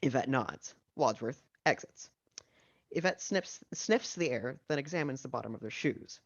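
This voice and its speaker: A man narrating the stage directions of a screenplay at a casual video-call table read, with steady reading and dry asides. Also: medium pitch, normal speed, dry recording, lo-fi sound.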